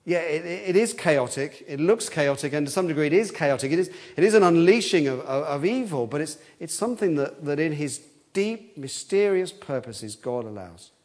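A man's voice: expressive, moderate pace, darkish tone. A man preaching an expository sermon in an earnest way, often repeating words as he thinks aloud and lifting his voice on quoted cries. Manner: rises in pitch and force on quoted cries.

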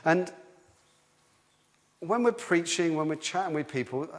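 A man preaching a sermon in a lively, conversational way, often restarting his sentences. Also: on the high side, measured pace. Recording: long hall reverb.

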